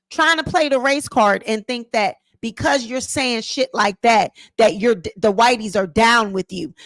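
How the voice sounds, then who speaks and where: Woman reaction host, blunt and mocking, fairly high voice, dry close sound. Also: a bit bright, no room sound. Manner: mocking, blunt, laughs at the clip. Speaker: commentator. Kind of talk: casual reaction commentary.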